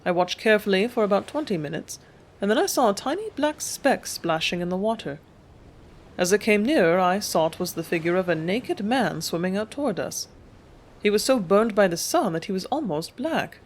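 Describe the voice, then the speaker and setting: A steady audiobook narrator with an even, measured way of telling the story. The voice sits at a middle pitch and keeps a calm, unhurried reading pace. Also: slight background noise.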